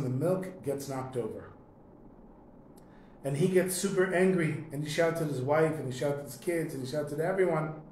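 A man teaches by telling a story, talking loosely and conversationally and clearing his throat along the way. His voice sits a little high for a man. The room is roomy and echoey, with a faint background hiss. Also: darkish tone. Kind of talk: storytelling in a lesson.

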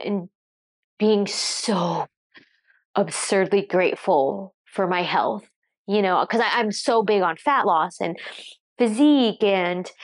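Tearful woman talking to camera. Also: mid-range voice. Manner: reflective, halting with restarts. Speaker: fitness coach. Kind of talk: emotional talk to camera. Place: seated at home.

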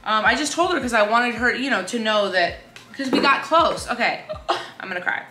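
A woman's voice: on the high side, lively intonation, normal speed. Gushing young woman unboxing, roomy sound. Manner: gushing, gasping, chatty. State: tired. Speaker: lifestyle influencer. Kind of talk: casual vlog unboxing chat. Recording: roomy sound with loud music behind. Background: background music.

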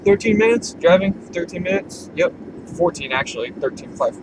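Driving along, a vlogger in his 20s rambles through a casual story, animated and fairly quick, his voice high. He's relaxed and scatters filler throughout. Loud road and engine noise surrounds him, captured by a camera or phone in the car.

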